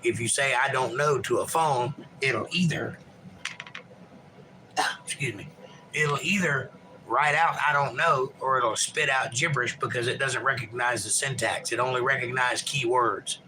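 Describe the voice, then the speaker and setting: A man's voice: mid-range voice, normal speed, bright, forceful tone, slight background noise, poor audio. Folksy rambling man hosting a livestream. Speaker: livestream host reading viewer chat. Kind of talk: casual livestream chat.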